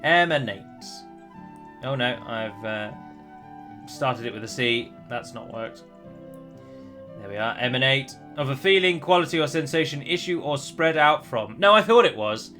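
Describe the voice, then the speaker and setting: A man's voice: medium pitch, expressive, a little slow, pushed and bright, faint music behind. A man giving casual gameplay commentary, rambling and self-deprecating with chatty asides.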